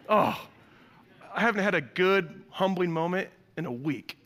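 A man's voice: high voice, animated, measured pace, a bit bright, big-room sound. A man preaching a sermon in a large church, telling stories and acting out the people he quotes in playful voices. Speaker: pastor.

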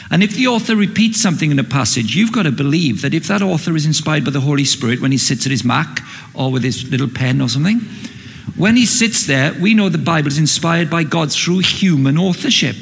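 A man preaches a sermon, acting out the scripture with sudden swings between loud and hushed. His voice sits a little high and is gravelly and husky. It rings with the long reverb of a large hall.

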